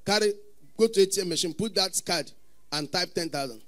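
High voiced nigerian pastor preaching, yells out now and then. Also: male voice, fairly quick. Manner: preaching with sudden shouted outbursts. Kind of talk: sermon.

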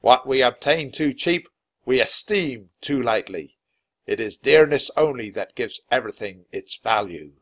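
A man's voice: medium pitch, lively intonation, a little slow. A man voicing a solemn commander-in-chief reading out a rousing speech in a storybook. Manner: rousing, declaiming.

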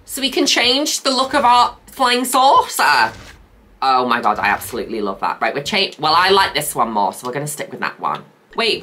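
A woman commentating her own gameplay in a campy, exclamatory way, jumping from squeals of excitement to low muttered asides. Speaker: gaming video host. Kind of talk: let's-play commentary.

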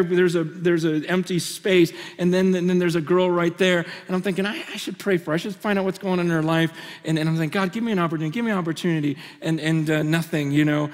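A man giving a conference sermon, telling personal stories in an animated way, full of restarts and laughter. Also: high-pitched. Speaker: conference speaker. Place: large conference hall stage. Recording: hall reverb from a large venue.

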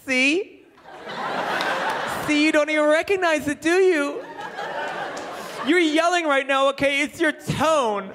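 A man putting on a shrill accusing wife. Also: takes it slowly, long pauses, a crowd in the background, noisy background. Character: shrill upset wife mid-argument, woman, adult. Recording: live club audience laughing and cheering.

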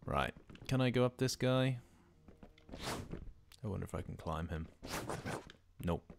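A middle-aged let's play host mutters jokey, sweary remarks to himself while commenting casually on the game he's playing, with game music behind him. His voice sits low and expressive, unhurried and touched with vocal fry. Background noise is audible.

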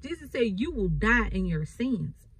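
A woman's voice: mid-range voice, very animated, measured pace, breathy edge, rough recording. A woman preacher, reading scripture and explaining it with emphatic repetition. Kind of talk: bible reading and sermon.

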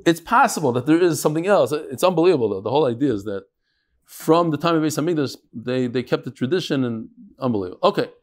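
A man teaching a daily Talmud class in a study hall, his voice sitting a little high and swinging up and down with lots of life. He jokes with the room and drops Hebrew and Aramaic terms in between the English. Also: fast. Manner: lively, joking, mixes Hebrew and Aramaic terms. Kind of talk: live daily Talmud lecture.

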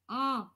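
Bright-voiced Australian woman chatting live. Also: high voice. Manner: chatty, laughs often, reads viewer comments aloud. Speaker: livestream host. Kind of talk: casual live-stream chat reading comments.

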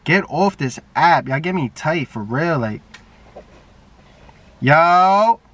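Young new guy on a phone video chat, brash and cussing a lot, kinda high voice, sounds far from the mic. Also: lively intonation, takes it slowly, fairly bright tone. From New York. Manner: brash, profane, teasing. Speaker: YouTuber. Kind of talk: casual video chat with strangers. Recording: distant phone mic, faint background noise.

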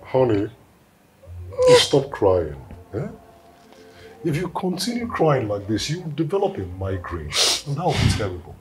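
An actor with a Nigerian accent playing a devout husband consoling his wife, speaking in a gentle, pleading, reassuring way. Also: medium pitch, huge pitch swings, normal speed. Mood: coaxing. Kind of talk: film drama acting.

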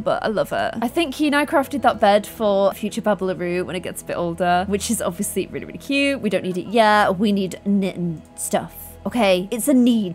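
A woman talks through her life-sim gameplay in a gushing, excitable way, breaking into gasps. Her voice sits at a middling pitch for a woman. Faint music plays quietly under her. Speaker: gaming YouTuber. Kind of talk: excited let's-play commentary. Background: faint background music.

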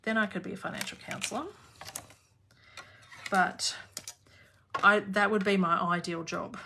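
A woman's voice: medium pitch, fairly even intonation, measured pace, vocal fry, pushed and bright. Chatty Australian woman on a noisy stream. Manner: chatty, laughs often, talks while working. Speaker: craft demonstrator hosting a live class. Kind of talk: casual live-stream chat while crafting. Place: home craft room at her desk.

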